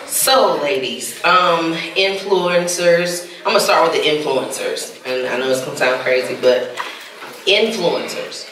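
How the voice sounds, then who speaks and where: A man's voice: a little high, a little slow, bright, forceful tone, slight background noise. A man moderating a panel, asking long, joking questions. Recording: very echoey hall, mic far off.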